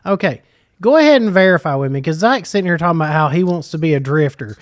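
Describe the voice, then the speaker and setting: A middle-aged man co-hosts a casual podcast and loves a teasing story. His voice sits a little high. The sound is dry and close, with no room around it. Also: animated, quick pace, no echo. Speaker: podcast co-host. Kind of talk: casual chat. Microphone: podcast microphone.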